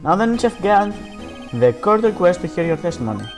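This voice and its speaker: A man voicing a hesitant, fussy elderly judge from a game, pausing often as he talks. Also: high-pitched, sing-song. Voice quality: hesitant, halting. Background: background game music.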